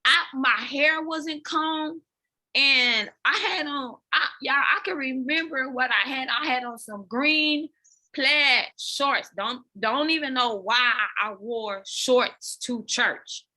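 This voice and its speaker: A woman with a fairly high, bright and forceful voice tells her own story on a podcast interview. She is animated and open, talking straight to the listeners with "y'all" and stumbling over repeated words when the memory hits. It sounds like candid, heartfelt storytelling. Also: slow. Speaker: podcast guest, dance fitness coach.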